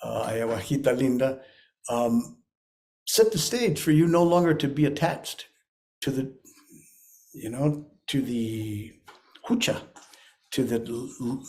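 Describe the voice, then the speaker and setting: A man hosting a spiritual conversation, speaking in a slow, solemn, measured way. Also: medium pitch, vocal fry, darkish tone. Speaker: host.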